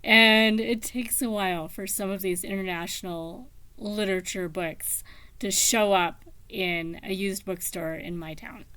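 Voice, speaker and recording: A woman talking casually about books, slow and meandering with many pauses and ums. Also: medium pitch, bright, forceful tone, clean tone, no room sound. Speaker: book vlogger. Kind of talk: casual book chat.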